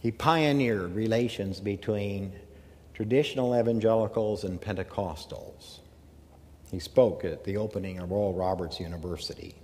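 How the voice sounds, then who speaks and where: A man from the American South giving a measured academic lecture, with emphatic phrasing and pauses. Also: on the low side, a little mellow, big-room sound. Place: lecture hall.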